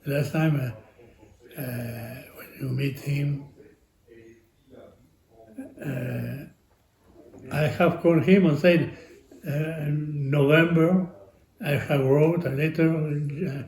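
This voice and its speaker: An older man from France with a French accent, telling stories in an interview in halting, non-native English full of pauses and fillers. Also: a little high, fairly even intonation, creaky, a little mellow. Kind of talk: storytelling interview. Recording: echoey room.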